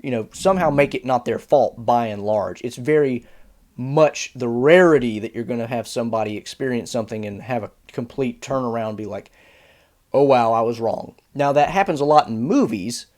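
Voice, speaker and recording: Exasperated man ranting through a review. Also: mid-range voice. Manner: animated, exasperated, sarcastic asides. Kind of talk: casual video review.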